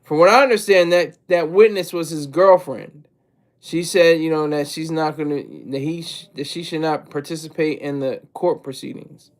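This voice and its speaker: He's a high-voiced livestream host doing casual commentary and reading chat at a moderate pace. His talk wanders, self-interrupts, and repeats words, with little chuckles to himself between thoughts.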